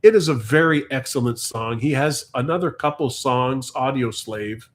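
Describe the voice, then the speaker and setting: A man's voice: mid-range voice, normal speed. A man hosting a long livestream, telling a rambling story in casual chat. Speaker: livestream host. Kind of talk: casual live stream chat.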